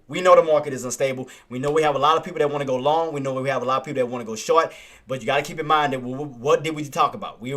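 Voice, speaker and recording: A man's voice: on the high side, sharp tone. A man hosting a live stock trading stream, talking in an emphatic, repetitive, streetwise casual way. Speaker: stock trading livestream host.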